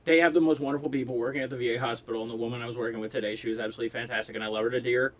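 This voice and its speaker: A man rambling through a jokey casual monologue, coughing often and breaking into sudden loud outbursts. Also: mid-range voice, fairly even intonation, racing. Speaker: vlogger. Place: Los Angeles.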